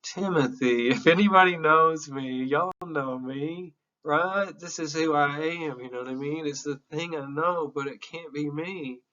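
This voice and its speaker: A man's voice: on the high side, measured pace, hardly any pauses, bright, forceful tone, lo-fi sound. A man in his fifties teaching psychology in an informal, candid and emotional classroom lecture, with some profanity. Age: 50s.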